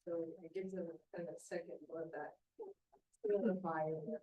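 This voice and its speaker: A woman's voice: lowish voice, steady tone, normal speed, muffled recording. A woman attending a team meeting, answering a question tentatively and thinking aloud. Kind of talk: answering in a group discussion. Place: office meeting room.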